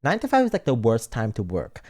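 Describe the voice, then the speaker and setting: Lively, rambling male streamer. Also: medium pitch, brisk. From lives in Britain, not British. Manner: rambling, playful, reads chat aloud. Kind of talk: casual chat.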